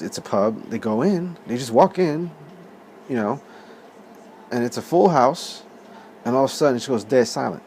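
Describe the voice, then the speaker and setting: A man's voice: mid-range voice, a little hiss or hum. A man in his thirties telling a story in a rambling, casual way, with lots of swearing and laughter. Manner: profane, animated, laughs often. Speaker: vlog host.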